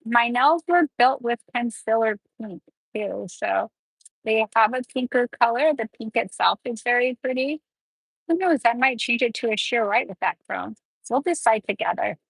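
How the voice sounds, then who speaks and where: Woman nail educator, chatty step-by-step delivery, husky tone, dry close sound. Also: a little high, normal speed, dry recording, poor audio. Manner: chatty, explains each step while working. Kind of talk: live nail tutorial.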